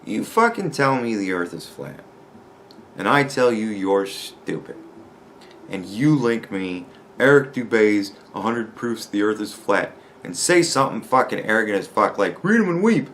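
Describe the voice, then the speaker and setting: A man's voice: on the low side, lively intonation, unhurried, a bit bright, slight background noise. Sarcastic, swearing man ranting. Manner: profane, sarcastic, exasperated. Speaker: podcast host. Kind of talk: ranting commentary.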